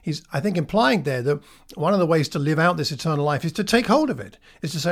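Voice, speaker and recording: A man delivers a sermon in a calm, conversational tone. His voice sits a little higher than most men's. He talks it through thoughtfully, with the odd filler, and lingers on the lines he wants to land. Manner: reflective, conversational, with frequent fillers and slow emphatic pauses. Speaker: preacher.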